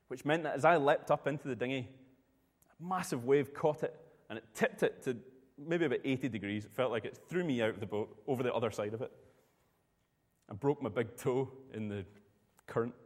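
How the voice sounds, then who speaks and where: A man preaching a sermon in a relaxed, storytelling way. His voice sits at an ordinary middle pitch. A long reverb hangs in the room around him. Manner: storytelling, conversational.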